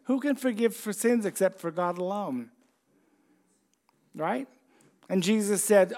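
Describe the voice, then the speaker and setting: A high-pitched man preaching to his church congregation. He talks in a loose, conversational way and keeps asking his listeners questions as he goes. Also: moderate pace, darkish tone. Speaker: pastor. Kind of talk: sermon.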